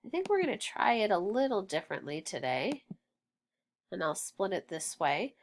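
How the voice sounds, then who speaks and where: A woman teacher leading a phonics lesson for young children, sounding out words slowly and deliberately. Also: medium pitch, very animated, slight background noise. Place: home, recording alone.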